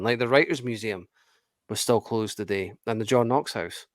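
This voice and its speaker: A Scottish man of about forty with a lowish voice, recorded close and dry. He co-hosts a casual podcast chat, grumbling wryly and swearing as he goes. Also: moderate pace, no room sound. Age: around 40. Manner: wry, grumbling, swears, laughs often. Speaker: podcast co-host.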